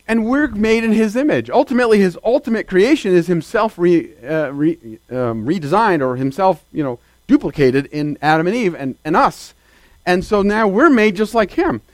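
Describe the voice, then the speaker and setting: Guy preaching a sermon, kinda high voice, chatty, lots of "right?" questions, dry close sound. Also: dry recording. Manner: conversational preaching with rhetorical questions and sudden emphatic rises.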